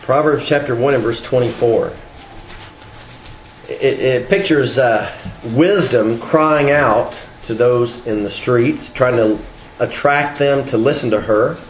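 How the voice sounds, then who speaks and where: A man's voice: medium pitch, slow, slight background noise. Man preaching in an echoey room. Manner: conversational, with frequent fillers and restarts. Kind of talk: sermon.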